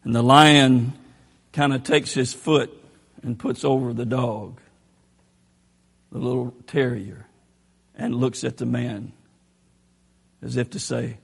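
A man preaching a sermon, telling a story, and moving between hushed and shouted passages. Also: medium pitch, steady tone, slow pace, creaky, pauses often, slightly rough. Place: church. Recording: echoey church hall.

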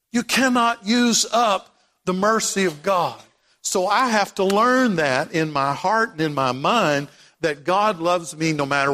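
A male pastor preaching with a notably high voice that carries through a church sanctuary, its long reverb trailing after each line. He moves from quiet prayer to impassioned, emphatic repetition. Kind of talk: sermon.

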